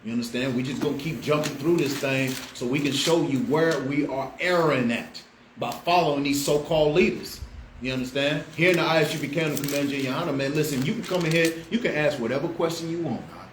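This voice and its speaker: A man preaching a street-style Bible class, fiery and slangy, swinging between loud outbursts and low asides. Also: a little fast. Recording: echoey room with faint background noise.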